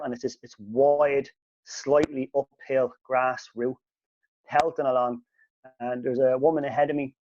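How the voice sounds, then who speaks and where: A man telling a sweary, animated story as a podcast host, his voice jumping up when he quotes himself. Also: mid-range voice, no echo. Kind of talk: casual storytelling. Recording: dull lo-fi podcast audio.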